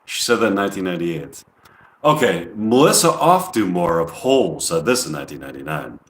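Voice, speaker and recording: A man's voice: sits low, big pitch swings, brisk, a bit bright, roomy sound. A man rambling through an improvised comedy monologue, hesitant and full of ums. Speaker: comedian live-streaming.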